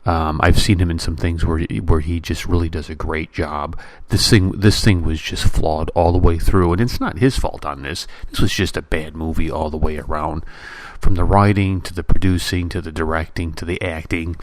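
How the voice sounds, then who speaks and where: A man's voice: low-pitched, fairly even intonation, normal speed, no echo. A man hosting a podcast in a casual, blunt style, full of fillers and restarts, building exasperated exaggerated comparisons. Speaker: podcast host. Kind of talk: casual movie-review rant.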